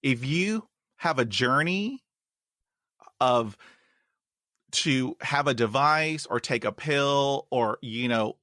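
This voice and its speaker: A man hosting a podcast interview in a casual chat. He stutters and repeats words, and he breaks into sudden high, excited whoops. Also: takes it slowly, pauses often, no echo, clean studio sound. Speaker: podcast host. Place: in Texas.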